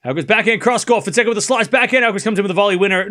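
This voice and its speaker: A man's voice: high-pitched, rapid-fire, sharp tone. A man commentating a tennis match live on stream, chatty and incredulous, laughing often and talking to his chat.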